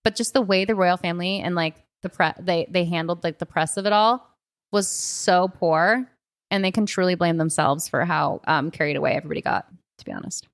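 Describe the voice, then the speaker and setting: This young adult woman hosts a podcast in a lowish voice, speaking fairly quickly. Her casual talk is chatty and rambling, heavy on the filler "like", recorded through a podcast microphone.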